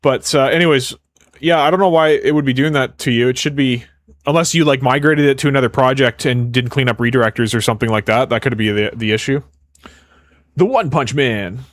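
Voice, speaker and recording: A man's voice: medium pitch, fairly even intonation, no room sound. A young Canadian man with a Canadian accent, chatting casually and rambling while building a game on a live stream. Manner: casual, rambling, quick to joke. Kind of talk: live coding stream chat.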